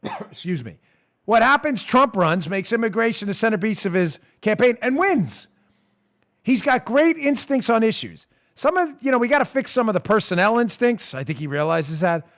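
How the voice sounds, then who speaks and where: A man hosting a political talk show, giving an emphatic, animated monologue and often laughing and bantering with his producer. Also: high voice, normal speed. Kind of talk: opinionated monologue.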